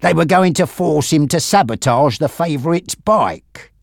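A man's voice: on the high side, expressive, measured pace, vocal fry, no room sound, studio quality, voice pushed up. A man voicing a bitter, brooding man in a wheelchair who bursts into screaming rage.

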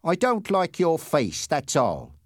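A heavy, red-faced motorcycle policeman, as a male narrator puts him on, with a slow, soft, sarcastic drawl that can snap into loud, high barking. The pitch swings widely through his lines, and the read is dry and close. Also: huge pitch swings, dry recording, exaggerated voice. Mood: severe. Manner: soft sarcastic taunting that bursts into loud shouting. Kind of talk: audiobook character reading.

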